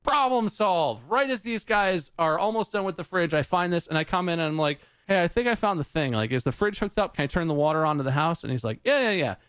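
A man in his thirties, a podcast co-host, telling a story in a casual, animated and exasperated way, swearing freely and acting out other people's lines. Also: a little high, quick pace, hardly any pauses, clean tone, no room sound, clean studio sound.

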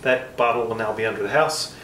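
A man's voice: on the low side, fast talker, fairly bright tone, reverberant, recorded from a distance, a little hiss or hum, poor audio. A man reviewing whiskey in casual chat, rambling and self-deprecating with frequent fillers.

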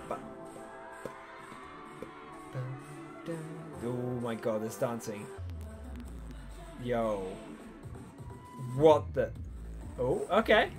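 A young man reacting to a dance video, swinging wildly between low mutters and high excited yelps. He talks slowly and slangy, with faint music playing behind him. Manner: hyped, exclamatory, slangy.

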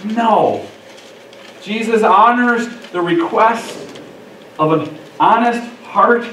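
A man with a high voice preaches a sermon, giving the quoted lines expression as he acts them out. He is recorded from a distance in an echoey church, with faint background noise. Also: slow pace, bright, forceful tone. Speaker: pastor. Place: church sanctuary.

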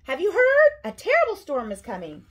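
A woman voicing a tiny, excited mouse in a picture book, speaking in a squeaky, breathless way. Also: normal speed, exaggerated voice.

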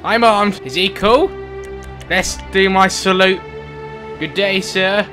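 A young man giving comedic gameplay commentary, excitable, with loud outbursts and swearing. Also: sits high, slow, faint music behind. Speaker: gaming YouTuber.

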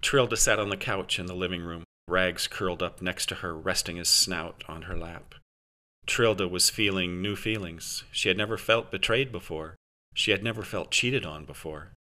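A man's voice: sits low, moderate pace, pushed and bright. A man narrating his own satirical science fiction audiobook with a dry delivery. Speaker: author and narrator.

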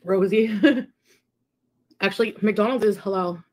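A woman's voice: mid-range voice, unhurried, darkish tone. A young adult woman chatting on a stream, reading out comments from viewers. She tosses in dry, sarcastic asides between them. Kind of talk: casual livestream chat.

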